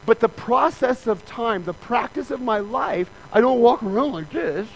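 A man's voice: extremely high pitch, lively intonation, normal speed, dull audio, slight background noise. A man preaching a sermon in a church, talking in a conversational, joking way and acting out other people's lines. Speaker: pastor.

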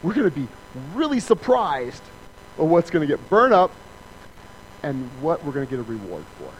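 A man's voice: on the high side, big pitch swings, moderate pace, muffled recording, a little hiss or hum. A man preaching a sermon in a conversational way, acting out little scenes with voices and sound effects and often asking "right?". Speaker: pastor.

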